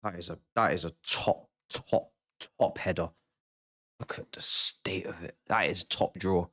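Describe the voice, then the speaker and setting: A man hosting a live football watchalong, reacting in a slangy, excitable way, swinging between mumbled asides and shouted outbursts. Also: low-pitched, measured pace, husky. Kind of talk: live match reaction commentary.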